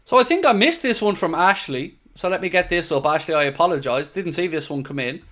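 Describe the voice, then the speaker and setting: A man's voice: a little high, lively intonation, a little fast, a bit bright. A young Irish man hosting a football watchalong stream, chatting casually and reading out viewer comments. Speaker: watchalong host.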